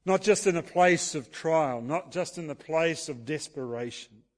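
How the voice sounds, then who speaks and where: A man's voice: fairly high pitch, measured pace. New man preaching in a hall. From New Zealand. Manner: storytelling, with many restarts and "sort of". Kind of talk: sermon with personal story.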